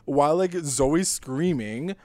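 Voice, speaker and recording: A man's voice: fairly high pitch, animated, slow pace, a little mellow, no echo. A man co-hosting a casual podcast, retelling a TV episode with lots of fillers and acted-out quotes, often laughing. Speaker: podcast co-host. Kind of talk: casual recap chat.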